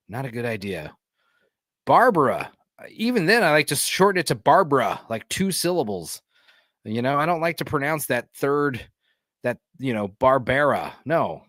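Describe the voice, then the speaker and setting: Male podcast host, animated and jokey, a bit high-pitched, dry close sound. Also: dry recording. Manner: animated, joking, rambling with fillers. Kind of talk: casual commentary watching a show.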